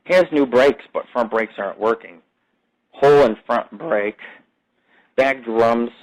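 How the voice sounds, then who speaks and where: A man's voice: mid-range voice, measured pace, poor audio. A man hosting his own podcast, delivering a rambling, profane casual monologue that jumps between topics. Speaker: podcast host.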